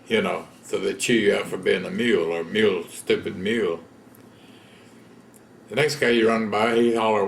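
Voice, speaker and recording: A man's voice: fairly low pitch, normal speed, vocal fry, long pauses, echoey room, a little hiss or hum. A man, telling his own story in a plain-spoken, folksy way in an oral history interview. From Texas. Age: 70s. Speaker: veteran interviewee.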